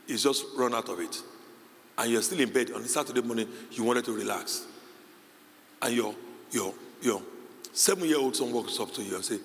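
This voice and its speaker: A male pastor preaching a sermon, moving between quiet conversational asides and loud, high, shouted emphasis. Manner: animated preaching, swinging from low asides to high shouted peaks. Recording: reverberant hall with faint ambience.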